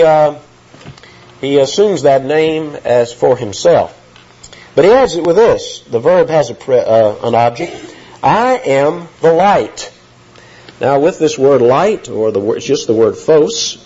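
A man's voice: mid-range voice, warm tone, husky. A man preaching an expository sermon in an earnest teaching tone, rising in emphasis on key phrases. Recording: dull lo-fi recording.

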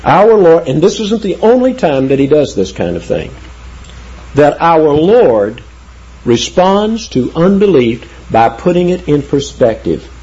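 A man teaching the Bible verse by verse in an emphatic way, slowing down to read scripture aloud. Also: on the high side, very animated, warm tone, breathy edge. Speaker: preacher. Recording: dull lo-fi sound.

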